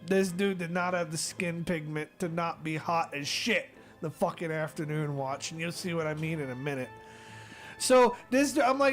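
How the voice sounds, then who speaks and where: A male streamer telling a funny story in an animated, exasperated rant full of swearing. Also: fairly high pitch, normal speed, soft background music. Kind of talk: ranting comedic storytelling.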